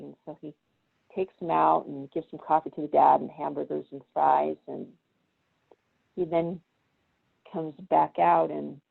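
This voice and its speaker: A woman guest's low-pitched voice comes across creaky and husky as she chats casually and tells stories, animatedly voicing the characters. It's recorded on a video call with tinny, phone-like audio.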